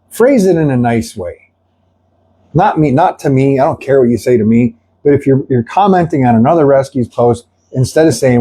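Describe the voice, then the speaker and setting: Grieving, blunt middle-aged man, husky and mellow. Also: mid-range voice, moderate pace. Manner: earnest, rambling, frequent fillers; blunt, swears. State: grieving and angry. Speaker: animal rescue worker. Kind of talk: candid talk to camera. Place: sitting with dogs at the rescue.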